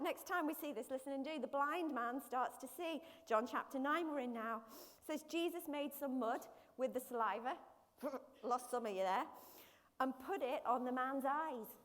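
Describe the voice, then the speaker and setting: A woman gives a lively sermon in church, her voice high and bright. Her words ring out with the long reverb of a large hall, caught on a live stream. She breaks into quick everyday voices to make her points. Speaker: preacher.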